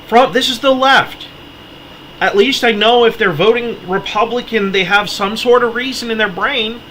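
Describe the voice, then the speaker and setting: A man's voice: sits high, pushed and bright, a little hiss or hum, rough recording. An American man delivering an impassioned political monologue, heated and pleading, his voice cracking as he gets worked up. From United States. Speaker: political commentator.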